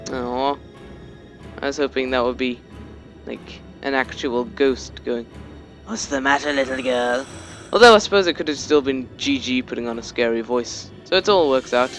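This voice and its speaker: A man's voice: medium pitch, normal speed, a bit bright, soft background music. A young man giving casual commentary on a video game, rambling, joking and swearing freely. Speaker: let's play commentator.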